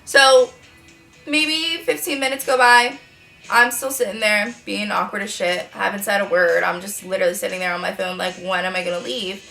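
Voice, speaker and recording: Chatty young woman with a bright voice. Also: mid-range voice, normal speed, creaky, soft background music. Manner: chatty, profane, animated storytelling. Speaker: freelance makeup artist. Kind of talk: casual storytime while doing makeup.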